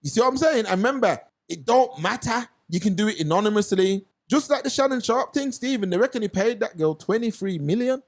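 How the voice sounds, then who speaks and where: A man's voice: high-pitched, brisk, hardly any pauses. A man co-hosting a casual podcast chat, telling stories in slang and acting out the people in them. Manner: animated storytelling, slangy, acts out quoted voices. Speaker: podcast co-host.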